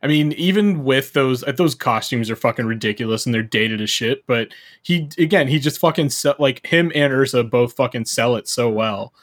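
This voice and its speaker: A man's voice: mid-range voice, moderate pace, few pauses. A man co-hosting a casual movie review podcast, laid-back, agreeable and profane. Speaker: podcast co-host.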